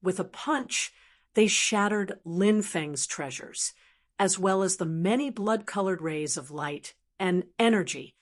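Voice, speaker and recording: Female audiobook narrator, steady even read of a fantasy novel, mid-pitched voice. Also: slow pace. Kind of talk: scripted narration.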